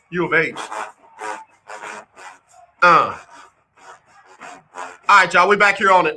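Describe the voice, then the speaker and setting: A man hosts a live radio show, chatting about sports in a bright, forward voice pitched a little high. He teases callers and listeners directly and keeps it loose and playful. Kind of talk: casual sports radio talk.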